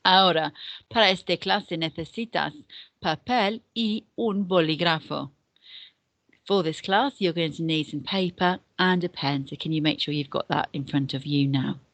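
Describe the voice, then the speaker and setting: Low-voiced woman teaching a patient beginner lesson. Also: normal speed, fairly bright tone, dry recording. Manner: patient, step-by-step teacher explaining and repeating. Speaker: deputy head and Spanish teacher. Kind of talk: recorded classroom lesson for beginners.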